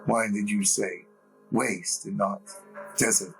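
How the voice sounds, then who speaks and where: A man voicing a gruff, bearded old man with a smooth accent who speaks low and stern. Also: steady tone, slow, a bit bright, faint music behind, low-quality recording. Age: older. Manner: low, resigned, growling.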